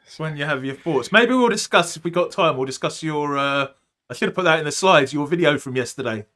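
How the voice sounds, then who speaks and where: A man's voice: on the high side, expressive, a little fast, fairly bright tone. A man hosting a casual live podcast chat, joking and rambling, with lots of ums and uhs. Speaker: podcast host.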